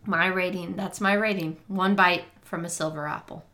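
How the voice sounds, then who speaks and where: A woman's voice: on the low side, fairly even intonation, moderate pace, bright, forceful tone, slight background noise. A woman co-hosting a podcast in casual chat, playful and hesitant, trailing off into fillers. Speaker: podcast co-host.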